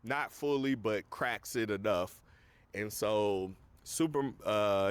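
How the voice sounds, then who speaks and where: A man's voice: on the low side, takes it slowly, clear, resonant tone, dry recording. A man casually recapping a movie on a podcast, rambling with lots of fillers. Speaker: podcast host.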